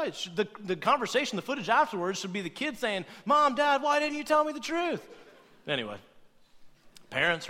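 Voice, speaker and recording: A man preaching a humorous sermon, playful and animated, acting out quoted voices as he goes. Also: sits high, long reverb tail. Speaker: pastor.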